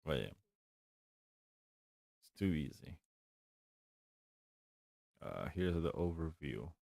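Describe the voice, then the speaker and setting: A man's voice: very deep voice, sing-song, slow pace, vocal fry, darkish tone, no echo, studio quality. A man streaming a game and chatting casually, rambling and laughing along the way. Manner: rambling, laid-back, chuckles often. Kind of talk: casual gaming stream chat.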